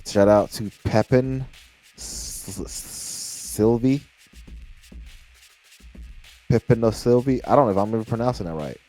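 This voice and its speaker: Deep-voiced man reacting to a song. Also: animated, normal speed, darkish tone, soft background music. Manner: loose and chatty, with many restarts and hype phrases; talks straight to the viewers. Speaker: music reaction host. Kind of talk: casual music reaction commentary.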